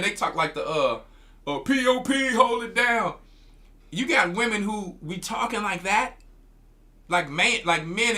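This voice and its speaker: A man's voice: high voice, sharp tone. A man, a church elder, preaching commentary in a scolding tone, often stumbling and repeating his words.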